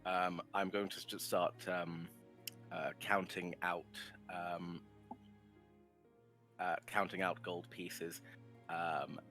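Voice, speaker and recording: A man's voice: sits low, level tone, slow, pauses often, a bit bright, soft background music, exaggerated voice. A man playing a rambling, polite minotaur. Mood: apologetic. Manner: overly polite, hesitant, full of filler words.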